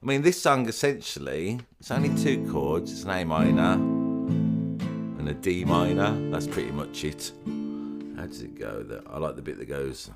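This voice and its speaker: A man co-hosting a casual pop music podcast, animated, laughing often and singing snatches of songs. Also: extremely low pitch, normal speed, creaky. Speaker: podcast co-host.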